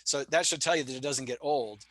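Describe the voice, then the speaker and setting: A middle-aged man, a sales trainer and podcast guest, telling stories with lively acted-out dialogue. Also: medium pitch, brisk, no echo. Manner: lively storyteller who acts out dialogue. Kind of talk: casual podcast interview.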